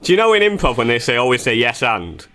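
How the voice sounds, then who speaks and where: A comedian co-hosting a podcast, talking in a playful, self-mocking way in casual chat. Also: male voice, medium pitch, big pitch swings, fast, sharp tone.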